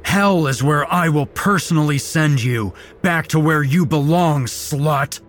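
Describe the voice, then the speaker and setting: A man's voice: medium pitch, a little slow, darkish tone, voice pushed up, close to an everyday voice. A man voicing a cruel male cult leader who pronounces judgment in an accusing, menacing way. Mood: enraged. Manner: accusing, menacing, roaring when defied.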